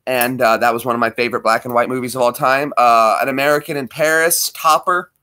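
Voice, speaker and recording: A man's voice: medium pitch, steady tone, fast, pushed and bright. A man chatting casually with viewers while streaming a game, rambling and friendly. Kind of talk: casual livestream chat.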